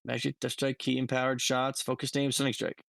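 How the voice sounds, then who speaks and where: A man's voice: mid-range voice, completely flat delivery, brisk, vocal fry, a bit bright, no echo. A man playing a tabletop game, hesitant and fumbling through his numbers. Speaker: player. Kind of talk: casual tabletop play.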